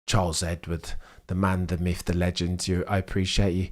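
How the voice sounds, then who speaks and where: Low-voiced chatty British man. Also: normal speed. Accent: British English. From England. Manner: chatty, rambling, easily excited. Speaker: livestream host. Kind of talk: live sports watchalong commentary, reading chat.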